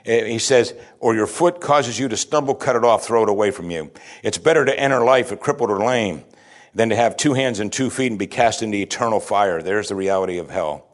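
A pastor preaching a sermon, reading scripture aloud and then explaining it in a conversational way, pushing his voice up to stress key points. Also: mid-range voice. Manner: emphatic, often rising to stress a point.

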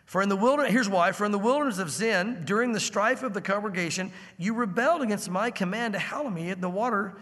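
Man, pastor, high voice, verse-by-verse sermon, conversational, plays out characters' lines, long church reverb. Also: quick pace, hardly any pauses, a bit bright. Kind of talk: expository sermon.

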